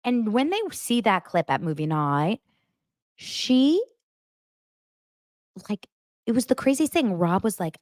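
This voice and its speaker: A young adult woman hosting a casual pop-culture recap show, gossipy and animated as she acts out what people said in mocking voices. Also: mid-range voice, slow, long pauses, no room sound, clean studio sound. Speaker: podcast host.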